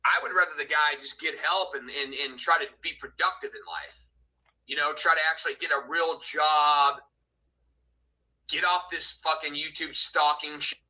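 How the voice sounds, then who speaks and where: Male stream host, high and piercingly bright voice, aggrieved profane rant. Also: fairly even intonation, moderate pace, rough recording. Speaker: livestream host. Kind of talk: heated casual livestream rant.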